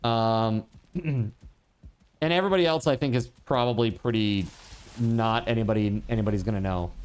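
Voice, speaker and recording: A male game streamer talking casually to his live chat, rambling and filling gaps with lots of filler words. His pitch rises and falls a great deal, so he sounds lively and animated. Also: a little slow, long pauses, clear, resonant tone. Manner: rambling, chatty, many fillers; talks to chat viewers. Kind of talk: casual livestream chat while gaming.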